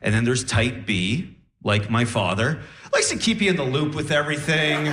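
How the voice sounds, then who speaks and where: A young man performing stand-up comedy on a club stage, animated and jumping into squeaky voices for punchlines. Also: normal speed. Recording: roomy club sound with crowd laughter.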